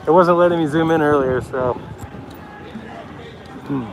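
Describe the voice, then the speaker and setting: With a gravelly, unhurried voice, a Pacific Northwest man chats and rambles while live-streaming a street protest on his handheld phone. He often lowers his voice, and the outdoor city scene is loud with crowd noise.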